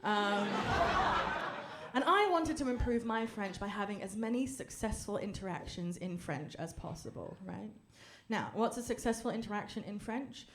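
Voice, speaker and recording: A young woman working a comedy club stage with a handheld mic, her delivery dry and deadpan. She sits at a middling pitch and now and then swings into big, loud mock-French theatrics. A faint hiss of noise sits under the recording. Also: a little slow. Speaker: stand-up comedian. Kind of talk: stand-up set with crowd work.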